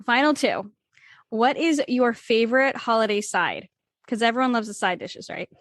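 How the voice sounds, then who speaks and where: A woman, hosting a casual podcast interview, chatty and quick to laugh. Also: fairly high pitch, fairly bright tone, no echo, clean studio sound. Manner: bubbly, laughs often, many fillers. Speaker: podcast host.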